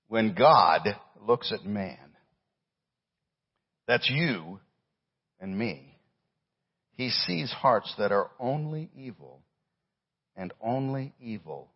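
A man preaching a sermon as pastor, swinging between loud stressed lines and hushed low phrases. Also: lively intonation, measured pace, gravelly, long pauses, slightly rough, dull audio.

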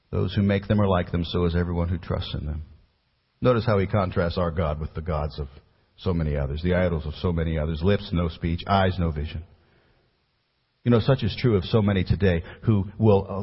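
Pastor preaching in a reverberant hall. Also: male voice, steady tone, fairly quick, breathy edge. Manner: rising to emphatic peaks, then dropping low and quiet. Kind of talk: sermon. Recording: muffled recording with long hall reverb.

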